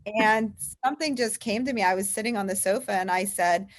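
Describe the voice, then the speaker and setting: A woman's voice: medium pitch, fairly quick. Chatty woman telling a story. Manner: chatty, frequent "like" and "um" fillers. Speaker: guest, investment firm founder. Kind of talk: casual interview storytelling.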